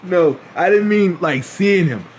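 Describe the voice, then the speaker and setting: A young man casually telling a story to his stream, swearing, laughing often and acting out quotes loudly. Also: high-pitched, expressive, unhurried, a little hiss or hum.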